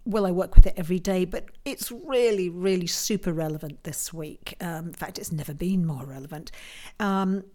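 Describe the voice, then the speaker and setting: A woman with a croaky voice after a flu, hosting a tarot and astrology live stream in a chatty, self-mocking way, often laughing at herself. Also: fairly low pitch, normal speed, mellow, slight background noise. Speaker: host of a tarot and astrology show. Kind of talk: casual live-stream chat.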